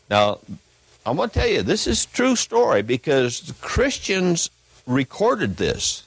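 A man's voice: no room sound, low-quality recording. Emphatic preacher guy, big swoopy voice, dry close sound. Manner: emphatic, swings between loud peaks and low asides. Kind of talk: fiery sermon with reading aloud. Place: church.

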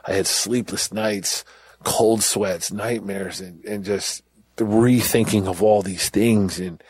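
A man's voice: on the low side, steady tone, slow pace, darkish tone, slightly rough. A middle-aged man who was once in prison, telling his story bluntly and candidly. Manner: candid, blunt, with laughs and restarts. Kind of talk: personal storytelling.

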